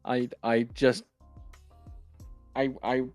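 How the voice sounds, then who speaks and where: A young East End London man from England co-hosts a casual podcast chat, rambling and swearing with frequent ums and restarts. His medium-pitched voice is very slow, a little mellow, and barely moves in pitch. The close mic is dry with no room sound, and faint music plays behind.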